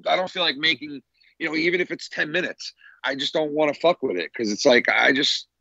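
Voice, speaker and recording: A man's voice: fairly high pitch, a little fast, creaky, bright, forceful tone, dry recording, lo-fi sound. A man co-hosting a casual livestream chat, laid-back and hedging, with lots of fillers and restarts. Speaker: co-host.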